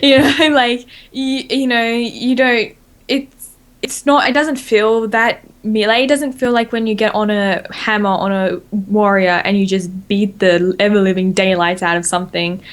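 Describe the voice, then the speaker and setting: A woman with an Australian accent co-hosting a casual gaming podcast, excitable and quick to laugh. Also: mid-range voice. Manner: giggly, excitable, laughs often. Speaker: podcast co-host.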